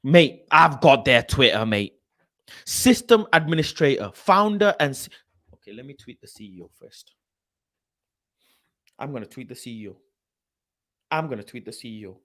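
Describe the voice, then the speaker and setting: A man hosts a football channel, ranting in a casual live stream. He swears, reads things aloud off a screen and keeps breaking into loud mock outrage. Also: mid-range voice, a little slow, long pauses. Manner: animated, exasperated, swearing, shouting in mock outrage.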